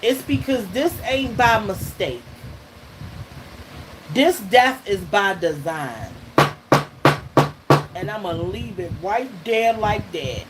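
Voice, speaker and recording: Slow-talking woman tarot reader, noisy recording. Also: medium pitch. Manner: emphatic, keeps checking in with "okay?" and "all right?"; laughs between lines, loose and conversational. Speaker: tarot reader hosting her channel. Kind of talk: casual spoken tarot reading to viewers. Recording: noisy recording with steady background noise.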